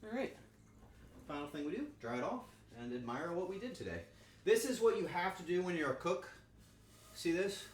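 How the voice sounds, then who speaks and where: A man with a high-pitched voice speaks at normal speed, pausing often, while livestreaming himself cooking at home in the kitchen. The sound is reverberant with slight background noise, and his talk with viewers is crude, joking and animated.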